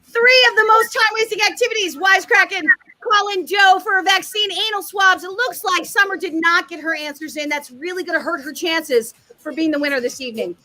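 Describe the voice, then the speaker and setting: A woman's voice: very high-pitched, fairly quick, bright, forceful tone, no room sound. A woman hosting a live online comedy game show in a loose, chatty, sometimes swearing way, on a video-call mic.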